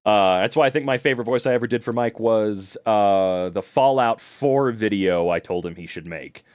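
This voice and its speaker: A man's voice: on the low side, moderate pace, darkish tone, no room sound, studio quality. A tired man chatting casually on a livestream, reading the chat, rambling and swearing a lot.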